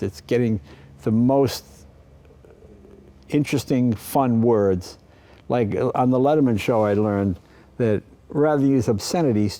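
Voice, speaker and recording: Older male guest, mellow tone, lively storyteller who acts out quotes. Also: medium pitch. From East Coast of the US. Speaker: interview guest. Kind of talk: anecdotal interview talk.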